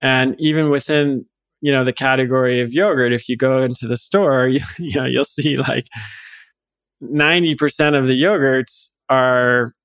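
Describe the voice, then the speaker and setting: Man, podcast guest, measured and explanatory, mid pitch, dry close-miked sound. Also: fairly even intonation, fairly bright tone, smooth, dry recording. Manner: explanatory, measured, with small restarts. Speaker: health expert guest. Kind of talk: conversational podcast interview.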